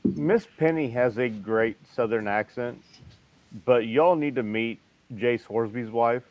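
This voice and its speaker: A man's voice: medium pitch, slow, darkish tone, a little hiss or hum, poor audio. A man hosting a casual group chat, telling stories and cursing freely. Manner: profane storytelling. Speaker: host.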